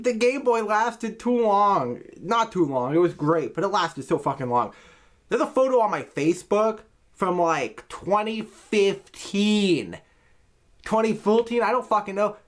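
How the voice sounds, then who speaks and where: A man making a comedic video, swearing often and ranting in an exasperated, rambling way that keeps stopping and restarting. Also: sits high. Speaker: video creator. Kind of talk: profane comedic rant to camera.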